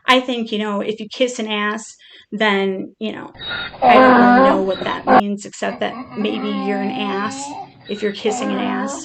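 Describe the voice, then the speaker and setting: Creaky-voiced woman chatting to her pet turtle, kinda high, jokey and rambling. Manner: chatty and playful, reading out odd facts. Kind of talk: casual chat to a pet.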